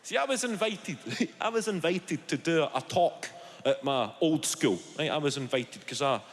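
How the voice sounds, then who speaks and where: A man's voice: a little high, animated. A man in his thirties with a Glaswegian Scottish accent, doing a sweary stand-up routine in a theatre in front of a live audience. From Scotland. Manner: sweary, storytelling, quick asides. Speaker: stand-up comedian. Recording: echoey live hall with loud audience laughter.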